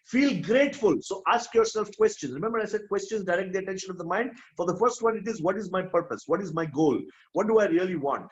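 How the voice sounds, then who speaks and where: A man's voice: high-pitched, expressive, fast talker, muffled recording. A man giving a motivational talk at an online event. He is emphatic, repeats his key phrases and keeps checking in with "hmm?". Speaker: motivational speaker.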